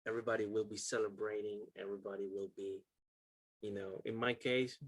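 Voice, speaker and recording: Lowish and husky, with a flat, brisk delivery and no room sound, this man's voice carries a Chilean Spanish accent. He runs an online English class on a video call, keeping things casual and chatty with frequent laughs and plenty of ums and uhs.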